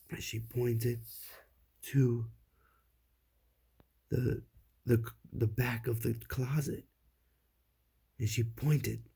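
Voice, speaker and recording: A man spins a scary bedtime story at a crawl, his low voice full of gravelly fry. The tone is dark and very husky, sinking to whispers at the tense parts. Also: steady tone. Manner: slow, hushed, dropping to whispers for suspense. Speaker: parent telling a bedtime story.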